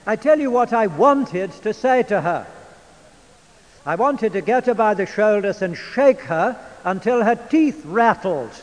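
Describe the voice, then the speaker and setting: An older man with an English accent preaching a sermon in a church, in a measured, emphatic manner. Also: high voice, lively intonation. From England. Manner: measured, emphatic delivery with drawn-out phrases. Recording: long church reverb.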